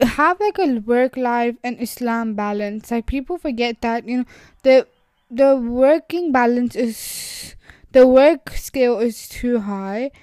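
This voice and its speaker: A woman talking in a casual, earnest way, halting often with fillers and restarts. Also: fairly high pitch, dark tone, clean tone, no room sound. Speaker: podcast host. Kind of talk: casual chat.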